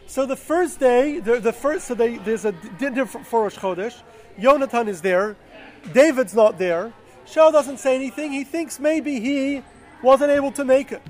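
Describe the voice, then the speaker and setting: A man's voice: extremely high pitch, normal speed, darkish tone. A man casually retelling a Bible story, with fillers and self-corrections.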